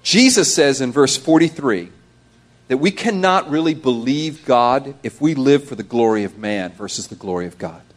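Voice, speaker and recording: A male pastor preaching a sermon, animated, acting out quoted voices and dropping between loud and hushed delivery. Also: medium pitch, normal speed.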